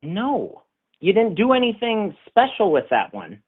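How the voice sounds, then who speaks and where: A man from Minnesota comes through on a thin, tinny call line, his pitch swinging up and down. He argues dismissively and keeps circling back to the same question. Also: huge pitch swings, measured pace, husky. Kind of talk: argumentative debate.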